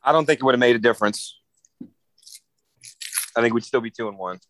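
A man's voice: medium pitch, a little fast, a bit bright, slight background noise. A man in a casual sports chat, thinking aloud with hesitations and trailing-off sentences. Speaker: regular panelist.

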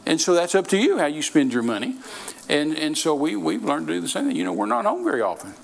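A man's voice: fairly high pitch, very animated, fast talker, vocal fry, rough recording. An older man preaching a sermon in a folksy, repetitive way, often restarting his sentences. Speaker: traveling preacher.

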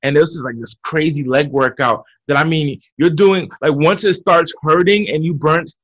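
A man giving motivational advice as a podcast guest, talking in an energetic coaching way with frequent repeats. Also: on the high side, normal speed. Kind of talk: motivational interview talk. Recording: muffled lo-fi audio.

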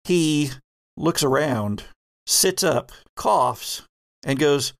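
A man narrating a tabletop horror game as game master, in measured, descriptive narration. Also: on the high side, lively intonation.

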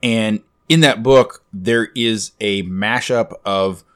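A man co-hosting a comics podcast, talking in a measured, thoughtful way with pauses. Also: lowish voice. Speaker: podcast co-host. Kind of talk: casual chat about comics.

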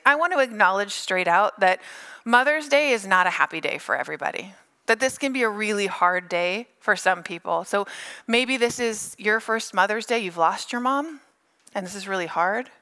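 A middle-aged woman pastor giving a sermon, animated and playful, telling stories with funny asides. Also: mid-range voice, moderate pace, clean tone.

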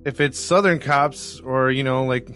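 A man's voice: medium pitch, unhurried, a bit bright, soft background music. A man co-hosting a true crime podcast in casual chat, hesitant and self-deprecating, often laughing. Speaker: podcast co-host.

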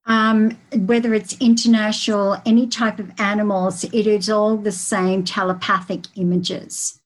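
A woman who communicates with animals, a podcast guest telling anecdotes in an animated way, often repeating words as she goes. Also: mid-range voice, measured pace, poor audio. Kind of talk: conversational storytelling.

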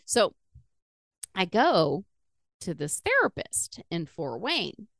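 Middle-aged woman, podcast host, lower voice with lively swings, profane and laughing, dry close mic. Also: slow, creaky, no room sound. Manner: profane, animated, laughing while she talks. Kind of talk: casual storytelling chat.

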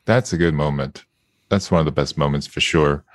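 A man, a video game actor, chatting as an interview guest, relaxed and laughing often, with hesitant fillers. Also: a bass voice, normal speed. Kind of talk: casual interview chat.

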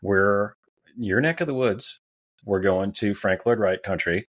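Low-voiced man chatting on a podcast. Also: a little slow, dry recording, clean studio sound. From Wisconsin. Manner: relaxed, rambling, with fillers and restarts. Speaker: podcast guest. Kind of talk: casual podcast chat.

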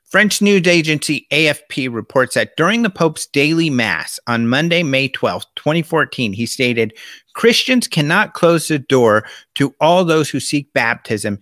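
A man's voice: fairly high pitch, animated, unhurried, pushed and bright, no room sound. A man hosting a show in a casual monologue, reading out quotes and gesturing with his hands as he talks. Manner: chatty, gestures with his hands while talking. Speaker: host.

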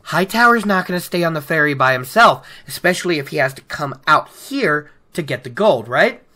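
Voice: mid-range voice, very animated, normal speed, sharp tone. A podcast host casually recapping a fantasy book chapter with chatty, enthusiastic asides.

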